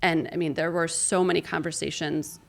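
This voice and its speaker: Woman, 30s, sports broadcaster as interview guest; lowish, gravelly voice, emotional storyteller. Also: steady tone, fairly quick. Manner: emotional storytelling, acts out quoted conversations. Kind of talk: candid interview conversation.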